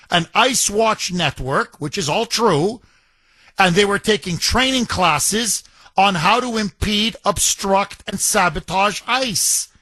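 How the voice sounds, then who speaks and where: A man's voice: high voice, sharp tone, no echo. A middle-aged man hosting a talk radio show, delivering an emphatic, indignant monologue with lots of repetition.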